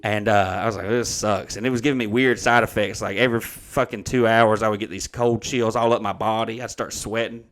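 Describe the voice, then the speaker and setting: A man's voice: on the low side, steady tone, brisk, hardly any pauses, a bit bright. Rambling, profane man in his thirties. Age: 30s. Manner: rambling, profane, laid-back. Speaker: podcast co-host. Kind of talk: casual storytelling chat.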